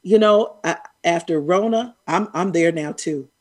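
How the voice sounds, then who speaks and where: A middle-aged woman, co-hosting a casual chat, animated and quick to laugh and tease. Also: fairly low pitch. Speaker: co-host.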